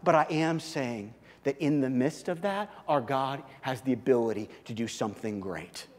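A male pastor preaching a sermon, moving from loud, punchy emphasis to quiet, earnest intensity. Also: mid-range voice, normal speed. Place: church sanctuary. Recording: long church reverb.

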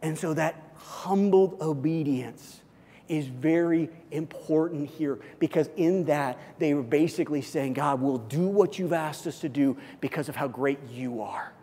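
A man's voice: a little high, unhurried, dark tone, husky. A male pastor preaching a sermon in an earnest, emphatic way, repeating key phrases. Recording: long hall reverb.

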